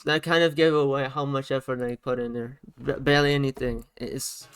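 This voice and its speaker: A man giving a casual, animated rant about a song's production, often repeating himself as he points out sounds in the track. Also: medium pitch, fairly quick, few pauses, clean tone. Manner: animated, repetitive, talks over playing song. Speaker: music reaction youtuber. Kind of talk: casual ranting commentary over music. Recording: music under the voice. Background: music playing.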